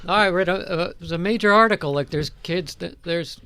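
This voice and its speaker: A man in a casual podcast chat, explaining something he read in a halting, hesitant way. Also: sits high, bright, forceful tone, clear, resonant tone, dry recording.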